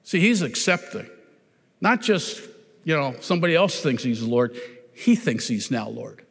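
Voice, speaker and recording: A pastor preaching a sermon in a church, deliberate and emphatic, often pointing listeners to the text with "notice". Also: male voice, mid-range voice, big pitch swings, vocal fry, a bit bright. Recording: long reverb of a large hall.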